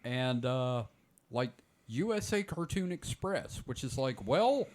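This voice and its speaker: A man's voice: mid-range voice, very animated, takes it slowly. A man in his forties hosting a podcast, telling rambling stories in casual chat. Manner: rambling storyteller, many "like" fillers. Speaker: podcast host.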